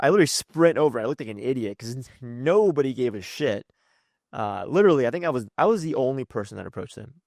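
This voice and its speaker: A man in his late twenties with a low, gravelly voice, telling his story in an animated, rambling way. He fills his talk with "like" and restarts his sentences. The sound is close and dry. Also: dry recording. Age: late 20s. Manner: animated, rambling, heavy use of "like". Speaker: health coach and channel host. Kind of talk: casual personal storytelling.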